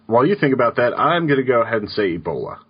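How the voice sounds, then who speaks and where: This podcast co-host goes through listener questions in laid-back, rambling chat. His mid-range, slightly rough voice is very fast with big pitch swings, and the audio is dull and lo-fi.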